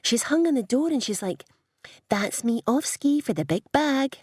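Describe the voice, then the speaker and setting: A woman voicing an indignant, dramatic teenage girl, pitched above her narrating voice. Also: expressive, normal speed, darkish tone, breathy edge, no echo, clean studio sound. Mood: gossipy.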